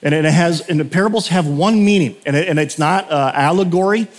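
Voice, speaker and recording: Chatty pastor in an echoing hall. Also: male voice, a little high, fairly quick. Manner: chatty, self-interrupting storyteller. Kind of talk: casual sermon. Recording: long hall reverb.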